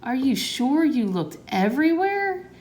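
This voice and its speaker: A woman's voice: high-pitched, sing-song, unhurried, darkish tone, pitched above the performer's own voice. A woman voicing a worried mother in a picture-book read-aloud, asking anxious questions. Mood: questioning. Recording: echoey room.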